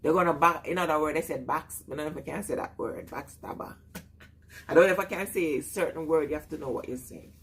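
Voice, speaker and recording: A woman's voice: low-pitched, fast talker, vocal fry, breathy edge. A woman with a Jamaican accent chatting casually on a live stream, greeting viewers and laughing often.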